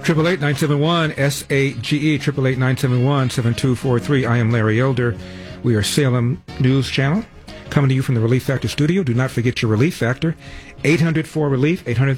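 A man's voice: mid-range voice, a little mellow. Talk radio guy, brash and punchy, plugging sponsors, faint music under him. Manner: brash, self-promoting, quick ad reads. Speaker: radio talk show host.

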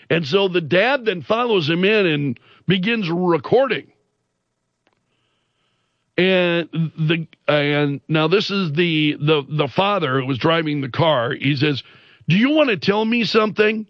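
A man with a notably high voice talks through the news at an unhurried pace, filling the gaps with ums and restarts as he piles on disbelief. The sound is dry and a little dull, with no room around it. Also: no room sound. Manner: animated, incredulous retelling with frequent fillers and restarts. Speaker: commentary show host. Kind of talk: casual news commentary.

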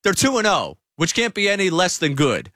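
A man's voice: high-pitched, huge pitch swings, normal speed, sharp tone, no echo. A man hosting sports talk radio, breaking down the team's start in a studio. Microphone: studio mic.

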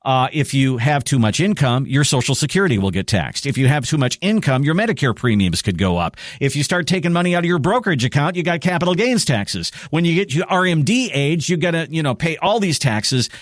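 A man's voice: fairly high pitch, big pitch swings, fairly quick, hardly any pauses, dry recording, studio quality. A man hosting a financial radio show, persuasive, talking listeners through retirement money and reading out contact details. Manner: persuasive, repeats phone numbers. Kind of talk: financial radio talk and ad reads.

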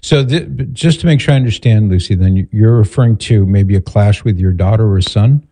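A man hosting a call-in radio show, speaking in a calm, measured, counseling way. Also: on the low side.

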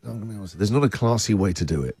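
A man's voice: fairly low pitch, animated, a little mellow, breathy edge, dry recording. A man hosting a breakfast radio show, teasing his co-hosts in casual banter. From United Kingdom. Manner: teasing, playful, quick-witted. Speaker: radio host.

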